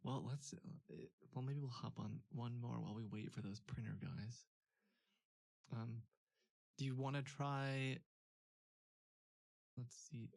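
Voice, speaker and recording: A man's voice: mid-range voice, animated, takes it slowly, creaky, long pauses, darkish tone, dry recording. A man hosting a stream, chatting casually, laughing often, with many fillers. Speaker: streamer host. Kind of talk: casual chat.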